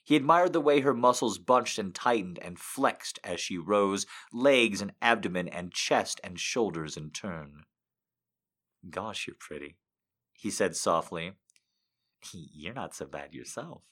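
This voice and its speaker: Lively low-voiced man reading aloud. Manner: animated, swings between hushed and loud. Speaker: reader and live show host. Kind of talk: reading a story aloud, then casual sign-off.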